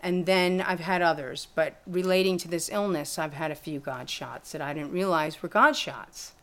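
A middle-aged woman telling her story in an interview, blunt and profane, with lively retellings of conversations. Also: deep voice, moderate pace. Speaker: guest, music lawyer and teacher. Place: room with a live audience.

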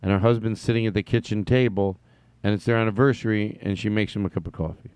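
A man's voice: fairly low pitch, fairly even intonation, fast, a little mellow, clean tone, no echo. A man hosting a casual solo podcast, rambling and blunt, with casual swearing. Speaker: podcast host.

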